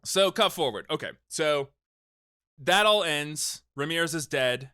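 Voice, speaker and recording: A man co-hosting a casual chat, retelling a film plot in an animated way, swearing and laughing often. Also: on the high side, measured pace, clear, resonant tone, dry recording, clean studio sound. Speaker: podcast co-host recapping a film.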